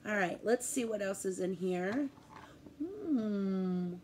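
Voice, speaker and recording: A woman teaching preschoolers from a distance, speaking slowly and carefully at a middle pitch. She talks in a sing-song way and keeps asking the little ones questions. A faint hiss sits under her voice. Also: lively intonation, a little mellow. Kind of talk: remote lesson for young children.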